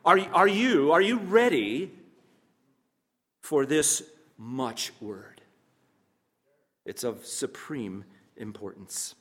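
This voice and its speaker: A pastor preaching a sermon to his congregation, measured and emphatic, with pauses and asides to the listeners. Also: medium pitch, expressive, a bit bright, long reverb tail.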